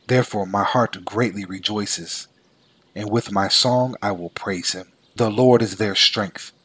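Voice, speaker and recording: A man reads scripture aloud in a measured, solemn manner. His voice sits a little low. The delivery is steady and scripted. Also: breathy edge. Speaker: scripture reader.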